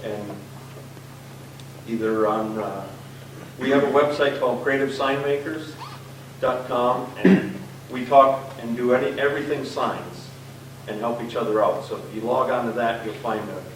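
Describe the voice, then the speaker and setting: A man's voice: mid-range voice, steady tone, measured pace, far from the mic, a little hiss or hum. A man from Minnesota, a sign painter on a forum panel, who tells rambling stories and laughs as he talks. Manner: chatty, laughs through his stories. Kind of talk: rambling storytelling and advice. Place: college forum room. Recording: echoey hall, mic from afar.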